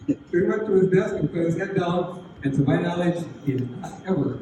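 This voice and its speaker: An older retired English teacher telling an anecdote at a class reunion in a folksy, animated way, recorded from a distance in a hall. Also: male voice, sits high, brisk, noisy background. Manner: folksy, animated storytelling with chuckles. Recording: echoey hall recorded from far off.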